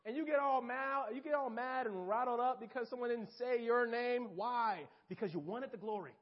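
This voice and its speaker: A young man preaching in a casual, animated way, speaking straight to his listeners. His voice sits high for a man. The recording is dull and lo-fi. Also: normal speed. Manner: animated, talks straight to listeners, acts out quotes. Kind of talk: informal sermon.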